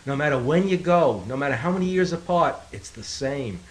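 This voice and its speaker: A man's voice: a little high, expressive, fairly quick. Wry male co-host. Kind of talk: casual banter.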